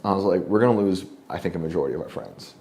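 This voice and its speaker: A man guest telling a story in casual conversation at a home lunch table, rambling with many fillers and often clearing his throat. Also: deep voice, expressive, very fast, mellow. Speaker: guest journalist.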